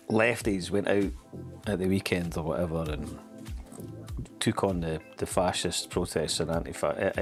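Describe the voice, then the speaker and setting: Male host, low-pitched, sardonic, rambles and restarts, over faint music. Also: vocal fry. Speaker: podcast host. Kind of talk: casual commentary.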